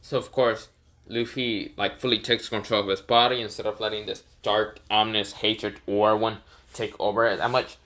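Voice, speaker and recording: Bright-voiced young man rambling a fan story. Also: lowish voice, flat delivery, moderate pace. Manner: rambling, swearing, frequent restarts. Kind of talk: casual fan-story narration.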